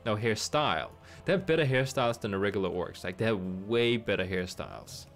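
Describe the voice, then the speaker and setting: A man's voice: lowish voice, lively intonation, a little fast, a bit bright, soft background music. A man streaming a game, chatting casually and thinking aloud with amused asides. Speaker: gaming streamer.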